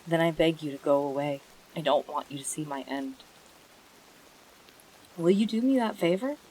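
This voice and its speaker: A streamer reading a storybook aloud, voicing a loyal, dying little male horse who pleads softly and sounds resigned. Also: mid-range voice, moderate pace, slight background noise, lightly acted, rough recording.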